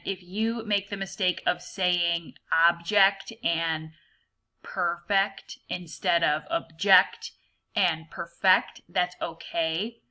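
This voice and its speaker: A woman teacher talks her students through a word reading fluency list. Her voice sits a little low yet sounds bright and forward. She explains pronunciation patiently and clearly, like a recorded lesson.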